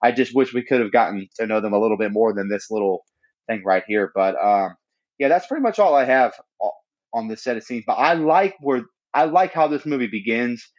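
A man's voice: mid-range voice, lively intonation, brisk, highs cut off. A man co-hosting a podcast, chatting easily about a horror film and thinking aloud with fillers. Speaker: podcast co-host. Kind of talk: casual movie review chat.

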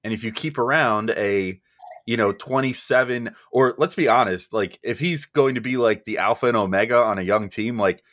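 A man's voice: mid-range voice, normal speed, a bit bright, dry recording, studio quality. A man hosting a casual podcast, rambling and joking, laughing easily as he moves between topics. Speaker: podcast host.

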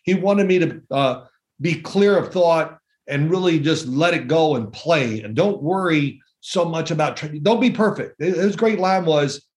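A man's voice: a little high, unhurried. A man in his sixties, a former quarterback, chatting as a podcast guest and telling wry stories. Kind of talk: casual podcast chat.

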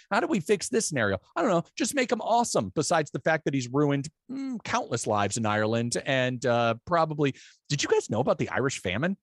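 A man's voice: mid-range voice, no room sound, clean studio sound. A man co-hosting a casual film podcast, joking and laughing often. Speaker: podcast co-host.

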